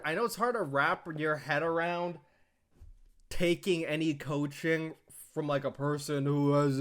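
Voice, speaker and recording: A man's voice: fairly high pitch, measured pace, fairly bright tone. A man giving heated, profane commentary on a match as an esports analyst, talking at home. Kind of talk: ranting commentary.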